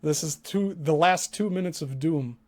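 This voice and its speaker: A man's voice: on the high side, moderate pace, darkish tone. A man hosting a live stream, commenting on a clip in a crude, mocking, profane way. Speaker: show host.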